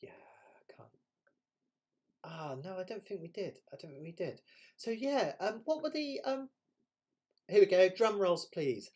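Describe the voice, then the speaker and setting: Chatty West Country man with a lively voice. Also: high-pitched, unhurried, long pauses. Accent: West Country English. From West Country of England. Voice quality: chatty, laughs often, self-deprecating. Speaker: ukulele teacher and jam host. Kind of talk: casual live-stream chat.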